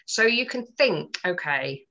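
A woman's voice: fairly low pitch, lively intonation, slow pace, bright, forceful tone, dull audio. A woman on a podcast, telling a personal story in earnest, detailed casual chat. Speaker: podcast co-host.

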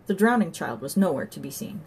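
Husky woman narrating a wry story. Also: low-pitched, big pitch swings, brisk, darkish tone. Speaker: audiobook narrator. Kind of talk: scripted narration.

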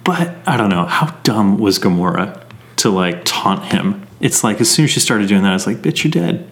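A man's voice: on the low side, animated, normal speed. A man co-hosting a podcast, bluntly ranting and swearing his way through a casual movie review. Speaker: podcast co-host.

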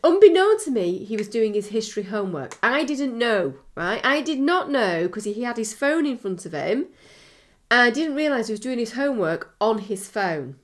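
Lively, high-voiced woman telling a story. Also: normal speed. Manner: animated storyteller, laughs often. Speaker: podcast co-host. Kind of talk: casual chat.

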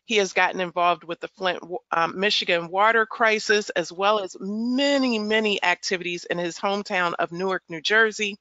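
A woman's voice: medium pitch, moderate pace, few pauses, sharp tone, dry recording, lo-fi sound. A woman hosting a podcast interview, introducing her guest with enthusiasm. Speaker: podcast host.

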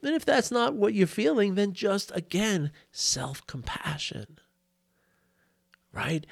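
A mindfulness teacher gives a casual lesson into a boom mic, his high-sitting voice sing-song, slow and gravelly. He's chatty, laughs easily and keeps tagging points with "you know" and "right?"

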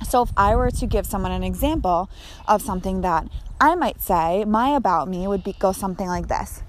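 A woman's voice: medium pitch, animated, fairly quick. A young woman from Connecticut hosting her podcast, a little out of breath as she records on her phone while walking laps outdoors. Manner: chatty and upbeat, speaks to listeners directly. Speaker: podcast host. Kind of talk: casual podcast talk.

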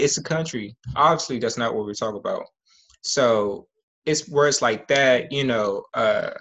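A man's voice: mid-range voice, fairly bright tone. A man in casual chat, earnest and a little hesitant, telling stories from his own life. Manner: earnest, tells personal stories, some hesitation.

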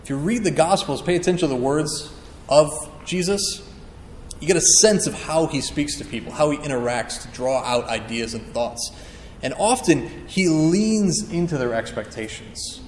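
Earnest preacher in an echoey hall. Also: male voice, on the high side, expressive, normal speed, a little mellow, slight background noise. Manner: earnest, emphatic teaching with acted-out quotes. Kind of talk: sermon. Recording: echoey hall with long reverb.

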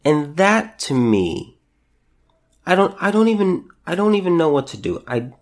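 A man hosting a solo podcast, talking in a halting, emotional way, repeating words as he holds back tears. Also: fairly high pitch, sing-song. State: close to tears. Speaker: podcast host.

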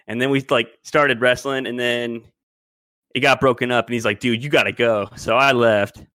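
A man's voice: mid-range voice, little pitch movement, moderate pace, bright, forceful tone, no echo. A man in his twenties telling a long story in casual podcast chat, rambling and loose. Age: 20s. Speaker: podcast co-host.

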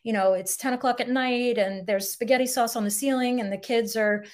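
A woman's voice: a little high, fairly even intonation, a little fast. A middle-aged woman, a couples therapist, explaining ideas in a podcast interview and acting out example quotes.

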